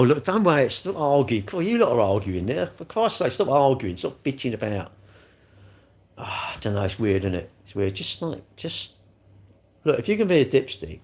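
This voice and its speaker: A man's voice: medium pitch, a little mellow. A man rambling and joking as he answers chat comments on a live stream. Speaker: livestreamer reading chat.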